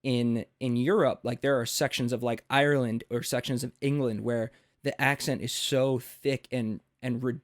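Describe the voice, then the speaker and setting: An American man hosts a casual podcast interview. He talks in an animated, rambling way, full of fillers and restarts. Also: mid-range voice, normal speed, few pauses. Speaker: podcast host.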